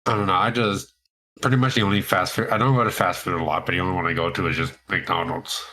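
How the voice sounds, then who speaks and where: A man's voice: low voice, steady tone, fast, pushed and bright. A man co-hosting a podcast, chatting casually and animatedly, swearing freely. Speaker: podcast co-host. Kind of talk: casual chat.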